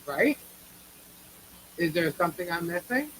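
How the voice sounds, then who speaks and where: A woman's voice: on the low side, sing-song, measured pace, a little hiss or hum, poor audio. Blunt New York woman chatting live. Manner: blunt, opinionated, swears casually. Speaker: livestream co-host. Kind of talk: casual live chat reacting to viewers.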